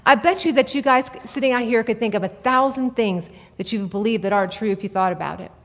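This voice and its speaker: A woman in her forties preaching a sermon in a conversational, animated way to an audience in a large hall. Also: fairly high pitch, fast talker. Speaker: speaker at a church. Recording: long reverb of a large hall.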